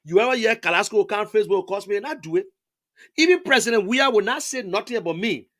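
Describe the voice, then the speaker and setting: High-voiced Liberian man, emphatic testimony. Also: expressive, fast, a bit bright. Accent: Liberian English. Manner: emphatic and repetitive, stacks restatements, stammers on words. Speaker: interviewee, political supporter. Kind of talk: impassioned conversational testimony.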